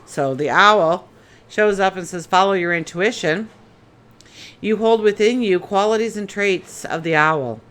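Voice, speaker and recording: A woman's voice: medium pitch, animated, a little slow, fairly bright tone. A woman giving a casual daily tarot reading in a chatty way, asking many rhetorical questions. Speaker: tarot reader.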